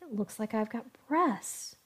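A woman's voice: on the high side, animated, a little slow, husky. Woman voicing a nervous reluctant young man. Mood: stunned. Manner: pleading, protesting.

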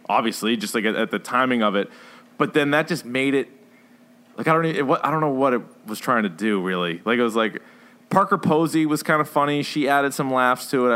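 A man co-hosting a podcast, chatting casually about films in a rambling way, full of fillers and animated retellings. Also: medium pitch. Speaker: podcast co-host. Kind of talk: casual chat reviewing films.

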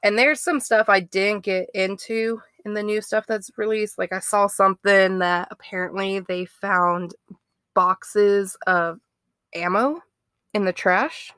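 Woman, true-crime podcast host, casual chat, dry close sound, even middle pitch. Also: unhurried, smooth, dry recording. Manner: chatty and conversational, reacting with disbelief.

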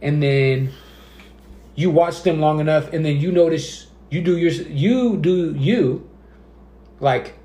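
A man's voice: on the high side, takes it slowly, pauses often, reverberant. A man in his thirties, a podcast host, chatting casually and acting out the people in his stories. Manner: animated storyteller, acts out quotes. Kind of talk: casual chat.

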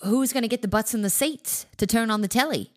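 An actress playing a breezy, self-assured Australian sketch actress, chatty and playfully defensive in a comedic improv interview. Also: female voice, a little high, brisk, lightly acted. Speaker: guest.

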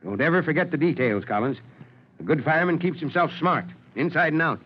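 An actor playing a kindly, gruff old fire chief in a 1940s radio drama, fatherly and teasing, on a dull lo-fi old radio recording. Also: a little high, expressive, fairly quick. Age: older.

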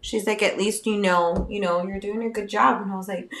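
A woman's voice: medium pitch, fairly quick, a crowd in the background. Candid swearing woman co-host, echoey room. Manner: candid, swears freely, animated storytelling. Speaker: podcast co-host, biological mom. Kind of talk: casual chat.

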